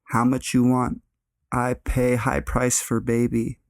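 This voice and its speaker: A man's voice: mid-range voice, completely flat delivery, slow, creaky, dry recording, clean studio sound. A man putting on a pushy Russian-accented woman. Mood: insistent. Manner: broken English, insistent. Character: pushy middle-aged woman wanting to buy a baby.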